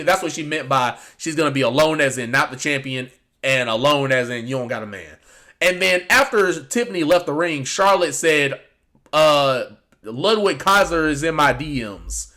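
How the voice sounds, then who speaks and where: Man, casual reaction talk, rambling, bright forceful voice. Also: fairly high pitch. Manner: rambling, conversational, many fillers and restarts. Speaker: wrestling commentary YouTuber.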